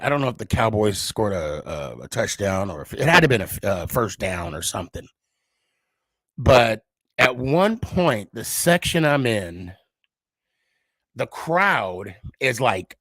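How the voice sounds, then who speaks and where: A man's voice: fairly low pitch, a bit bright, no room sound. A man hosting a podcast, telling a casual, rambling and profane story as a frustrated sports fan who pokes fun at himself. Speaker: podcast host.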